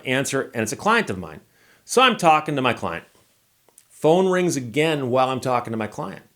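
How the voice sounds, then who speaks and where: A male lawyer speaks to his own channel in a casual storytelling monologue. His pitch sits in the middle range, and his tone is wry and openly exasperated as he walks through the tale. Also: fairly bright tone.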